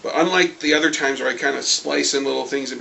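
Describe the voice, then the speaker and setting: A man ranting as a comic book fan vlogger in an angry review, excitable and swearing often. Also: mid-range voice, fast talker, creaky, slight background noise, low-quality recording.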